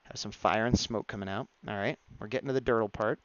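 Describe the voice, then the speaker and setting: A man narrates his sketch on a live stream, casual and playful and quick to laugh. His voice is smooth and mid-pitched, recorded close and dry, a little muffled. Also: steady tone, no echo. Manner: playful and chatty, laughs at his own jokes.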